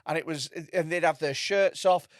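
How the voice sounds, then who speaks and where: A man hosting a comedy podcast, telling stories in a lively way, with restarts and laughter. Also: a little high, no room sound, clean studio sound. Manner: animated storytelling with quick restarts and laughter. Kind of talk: casual chat.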